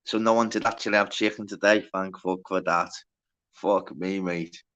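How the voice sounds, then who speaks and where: A man's voice: deep voice, fairly even intonation, moderate pace, a bit bright, lo-fi sound. A man hosting a casual livestream, reading out the chat, greeting viewers by name and bantering with plenty of swearing. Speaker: livestream host.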